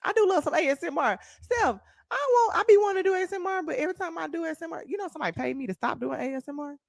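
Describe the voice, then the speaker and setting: A lively woman from Texas hosts her own livestream, her voice swooping up and down as she reacts to the comments coming in. She swears without a second thought and talks to her viewers like friends. The sound is close and dry. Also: very high-pitched, rapid-fire, gravelly, dry recording. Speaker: livestreamer and podcaster. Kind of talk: casual livestream chat.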